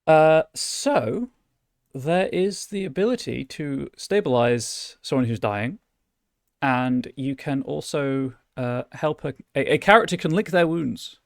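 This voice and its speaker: A man's voice: fairly high pitch, lively intonation, slow pace, gravelly, dry recording, clean studio sound. A man running a tabletop game as game master, describing scenes with many restarts and fillers.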